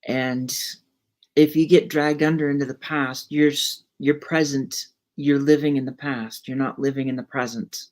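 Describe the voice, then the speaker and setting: A podcast host muses in casual conversation, drifting into storytelling and restarting phrases as she goes. Her voice sits fairly low for a woman, with fairly even intonation, a normal pace and a darkish tone.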